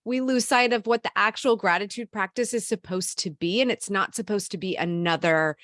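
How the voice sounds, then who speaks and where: A woman hosting a podcast who thinks aloud in an expressive, playful way. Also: medium pitch, moderate pace, no echo, studio quality. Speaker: podcast host. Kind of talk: casual podcast conversation.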